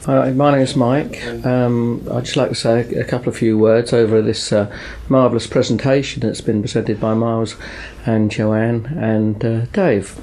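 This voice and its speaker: A British man giving a short, halting speech to a small meeting, with many pauses. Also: mid-range voice, level tone, mellow, slight background noise. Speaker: magazine editor speaking at a meeting.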